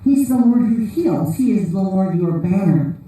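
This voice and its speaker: A woman's voice: mid-range voice, big pitch swings, a little slow, mellow. A woman giving an informal conference sermon in a large church hall, telling rambling, humorous stories. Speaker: conference speaker. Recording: very echoey hall, voice from a distance.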